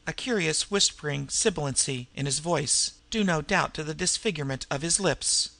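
Bright-voiced male audiobook narrator. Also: fairly high pitch, normal speed, vocal fry, hardly any pauses, no echo.

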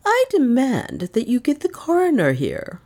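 A woman's voice: high-pitched, huge pitch swings, unhurried, dark tone, pitched above the performer's own voice, heavily acted. A woman voicing an older aunt who speaks firmly, icily and indignantly. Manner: icy, firm, indignant. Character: imperious older lady, icy and firm.

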